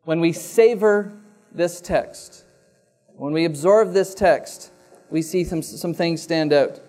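A man with a fairly high voice delivers a sermon, reading scripture aloud and then unpacking it. He speaks slowly and deliberately, leaning on pauses and repeating key lines for emphasis. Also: mellow. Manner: slow, deliberate preaching with dramatic pauses and repetition. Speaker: preacher.

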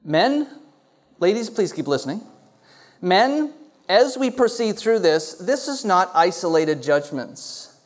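A man's voice: sits high, slow. A male pastor preaching a sermon to a congregation and putting questions to them. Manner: animated, asks the congregation questions. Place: church hall before a congregation.

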